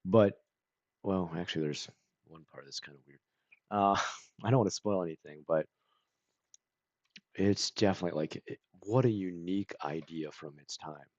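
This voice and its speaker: A man chatting casually on a stream, rambling with lots of "like" and clearing his throat and coughing now and then. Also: sits low, moderate pace, long pauses, darkish tone, no echo, muffled recording. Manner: rambling, full of "like" and self-corrections.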